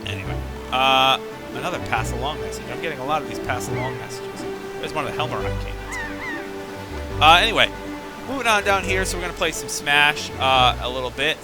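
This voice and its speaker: A man's voice: a little high, wildly swooping pitch, brisk, loud music behind the voice. A young man streaming a game, casually talking through his play with chatty, muttered asides. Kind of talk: casual live gameplay commentary.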